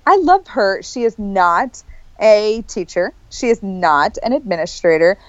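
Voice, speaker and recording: A woman's voice: mid-range voice, animated, unhurried, no echo. A woman chats playfully as a podcast co-host. Her voice comes through dry and slightly muffled, with the treble dulled. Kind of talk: casual chat. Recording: dull dry sound.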